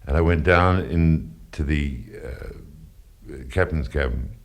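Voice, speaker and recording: A former radio presenter tells a story in an interview, earnest and self-deprecating. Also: male voice, rumbling low, takes it slowly. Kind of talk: reminiscing in an interview.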